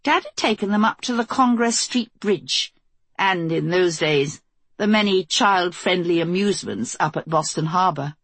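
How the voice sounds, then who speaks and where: Woman reading an audiobook, husky and kinda low, dry close mic. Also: animated, moderate pace, a bit bright, no room sound. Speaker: audiobook narrator. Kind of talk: scripted narration.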